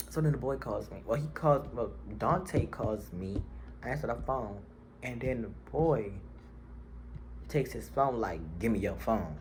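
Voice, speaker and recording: A man casually telling a personal story to his viewers, slangy and animated, jumping to high yells when he quotes himself. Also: a little slow, slight background noise. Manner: animated, slangy, swings to shrill yelling when quoting himself.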